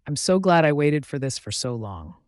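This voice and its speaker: A man's voice: a little high, big pitch swings, normal speed, a little mellow, dry recording, clean studio sound. A man narrating a first-person audiobook in a casual, conversational way.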